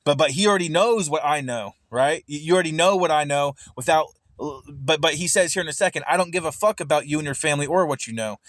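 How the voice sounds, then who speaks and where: A man's voice: a little high, quick pace, hardly any pauses, a bit bright, dry recording, clean studio sound. A man giving heated, profanity-filled commentary, often stammering and repeating words as he reacts to a recorded argument. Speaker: streamer reacting to a recorded debate.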